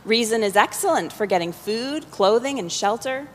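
A woman's voice: a little high, expressive, moderate pace. A woman voicing a passionate, indignant sixteen-year-old boy, speaking in a mocking, theatrical way. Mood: earnest. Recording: long hall reverb.

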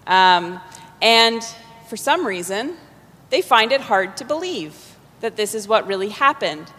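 A woman introduces a scene before reading it, relaxed and explanatory with a few fillers. Her pitch is mid-range for a woman. Each phrase hangs in a long hall reverb. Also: slow. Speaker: reader. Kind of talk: storytelling introduction.

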